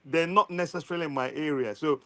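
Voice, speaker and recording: A man's voice: fairly high pitch, quick pace, bright, forceful tone. Man teasing on a panel chat. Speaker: panel guest. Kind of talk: casual political chat.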